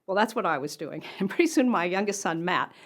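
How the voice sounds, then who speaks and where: A woman's voice: fairly low pitch, animated, a little fast. Older woman telling an earnest story. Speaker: motivational speaker. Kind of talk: personal story told to camera.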